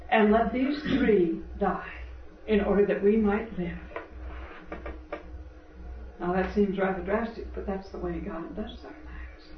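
A man preaching a sermon, earnestly quoting scripture and telling parables in a steady preaching cadence. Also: high voice, a little hiss or hum. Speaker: spiritual teacher. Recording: dull, roomy, distant old lecture tape.

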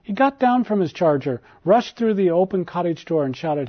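A man narrates a formal storybook tale in a measured, deliberate way. His voice sits a little high. The recording is dull and lo-fi. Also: animated.

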